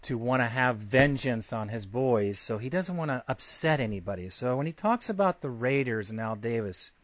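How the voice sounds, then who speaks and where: A man's voice: mid-range voice, lively intonation, moderate pace. A man hosting a sports podcast, talking casually and brashly, heckling a writer in a fan-style rant. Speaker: podcast host.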